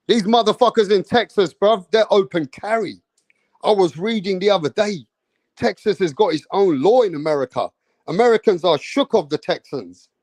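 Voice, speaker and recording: A man hosting a boxing livestream, talking in an excitable, profane, hype way. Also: high voice, no echo. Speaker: boxing YouTube host. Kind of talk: casual livestream chat.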